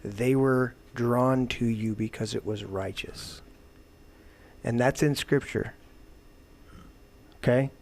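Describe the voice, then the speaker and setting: Man, mid-pitched, profane heated rant, emphatic, gets loud. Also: fairly even intonation, slow pace, creaky, pauses often. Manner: profane, emphatic, swings to shouting. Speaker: show host.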